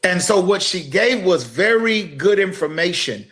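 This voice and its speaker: A man's voice: high voice, animated, a little slow, fairly bright tone. A man co-hosting a talk podcast, speaking emphatically in a sermon-like way and addressing the listeners directly. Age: adult. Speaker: podcast co-host. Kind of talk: impassioned podcast talk, preacher-like.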